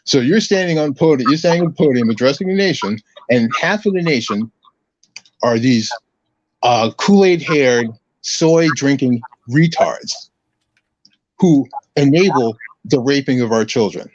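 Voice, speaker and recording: A man's voice: mid-range voice, expressive, measured pace, no echo. A man ranting combatively in a casual political chat as a podcast guest, restarting his phrases often. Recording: dull lo-fi audio, dry.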